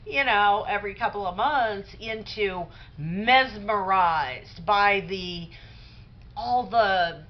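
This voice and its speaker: Middle-aged woman, conversational Bible talk, rambling storyteller, slightly muffled recording. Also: medium pitch. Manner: conversational storytelling with many fillers. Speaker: Bible teacher. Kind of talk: casual religious talk.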